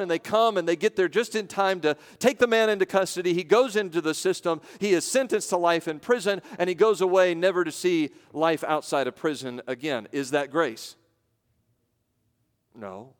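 An American pastor with a clean male voice preaches a sermon, shifting between raised emphasis and hushed, low passages and posing rhetorical questions. The recording carries the long reverb of a large hall.

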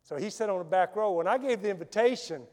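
A man delivers a sermon in a fairly high voice, telling stories with dramatic swings between loud emphasis and hushed quiet lines. His words ring out through a large church with a long, trailing reverb. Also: expressive, fast talker. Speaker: missionary preacher. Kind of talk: sermon with personal storytelling.

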